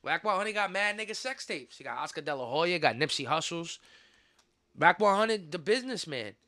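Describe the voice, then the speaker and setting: A bright, high-pitched man holds forth on his podcast. He rants in a heated, profane, repetitive way and bursts out loudly now and then. His voice sits close and dry on the mic. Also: lively intonation, moderate pace, dry recording. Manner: heated, profane, repetitive ranting with sudden loud outbursts. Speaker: podcast host. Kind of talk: casual podcast rant.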